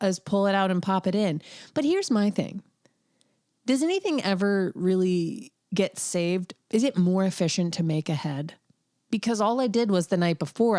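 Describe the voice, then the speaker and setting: A woman with a notably low voice hosts her podcast alone, chatting casually and candidly. She wanders from thought to thought with wry asides and plenty of fillers. The sound is close and dry, with no room around her. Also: a little mellow, dry recording. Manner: rambling, candid, wry, with frequent fillers and laughs. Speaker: podcast host. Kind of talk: casual solo podcast chat.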